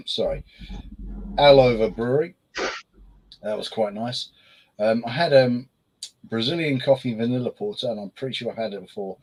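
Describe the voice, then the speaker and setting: A man's voice: mid-range voice, poor audio. A man co-hosting a casual beer review chat, rambling with lots of fillers and restarts.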